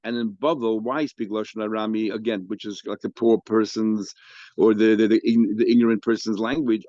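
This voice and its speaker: A male rabbi teaching a Talmud lesson at an even, ordinary pitch. He explains the text line by line and gets louder and higher as he reads the quoted passages. The sound is dry and a little dull. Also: a little fast, no echo. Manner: explanatory, rises in pitch and volume when reading quoted Aramaic. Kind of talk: daily Talmud class. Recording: dry, slightly dull recording.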